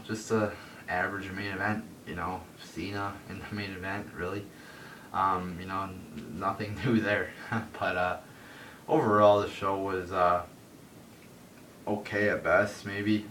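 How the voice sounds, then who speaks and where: A man's voice: flat delivery, takes it slowly, pauses often, pushed and bright, far from the mic. A man ranting in a solo wrestling review into a phone, profane and rambling with lots of fillers. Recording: roomy echo from off-mic with faint rumble.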